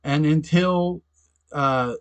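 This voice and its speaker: A man's voice: a little high, very slow, clear, resonant tone. A man giving a casual, chatty episode recap as a fan reviewer, laughing often and restarting his sentences with asides.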